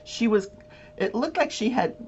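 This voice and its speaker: A woman's voice: on the high side, animated, moderate pace, a little mellow. A woman hosting a casual talk show, telling a long story with many fillers and frequent laughter. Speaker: host. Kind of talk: casual chat. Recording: dull lo-fi with faint hum.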